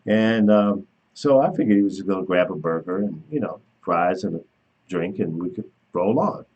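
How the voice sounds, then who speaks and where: A man's voice: deep voice, moderate pace, breathy edge, muffled recording. A man hosting a talk show, telling a story in casual chat and laughing as he goes. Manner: animated storyteller who laughs while telling. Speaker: radio show host.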